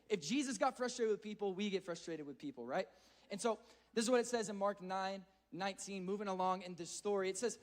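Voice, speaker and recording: Young man preaching to teens, high voice, earnest and chatty, stumbles over repeated words. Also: fairly quick. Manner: earnest, conversational, repeats words when excited. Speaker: youth speaker. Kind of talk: sermon to a youth audience.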